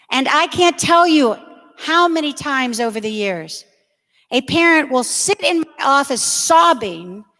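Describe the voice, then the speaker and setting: Woman speaker at church, slow and emphatic, pitched a bit high, big hall echo. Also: fairly bright tone. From United States. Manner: earnest, emphatic, acts out kids' voices. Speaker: religious education speaker. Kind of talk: church talk to parents and teens. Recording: long reverb of a large hall.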